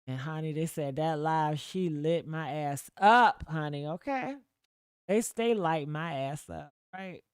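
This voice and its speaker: A woman hosting a livestream, chatting casually with her viewers in a profane, gossipy way with sudden loud outbursts. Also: low-pitched, takes it slowly, clear, resonant tone, no echo, studio quality. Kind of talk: casual gossip commentary to a live chat.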